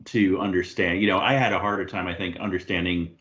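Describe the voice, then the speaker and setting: A man's voice: low voice, fairly quick, muffled recording. A man from the United States, a guest author on a podcast, joking and telling stories in casual chat. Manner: joking, animated storyteller.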